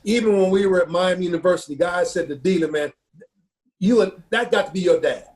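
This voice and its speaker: Man, football coach, from Ohio, earnest, halting, lots of fillers, higher pitch. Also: a little mellow. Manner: earnest, repeats himself, many fillers like "you know". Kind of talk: personal storytelling in a conversation.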